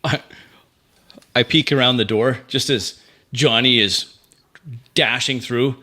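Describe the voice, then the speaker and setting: A man's voice: medium pitch, slow pace, bright, forceful tone. A man playing a tabletop role-playing game, narrating his character's moves in a vivid, playful way. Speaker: player.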